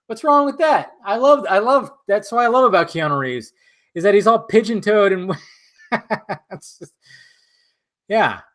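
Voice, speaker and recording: A man's voice: sits high, fairly bright tone. Loose, profane young male streamer. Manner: loose, profane, laughs often. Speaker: streamer reading chat. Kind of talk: casual live-stream chat. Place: home room with green screen.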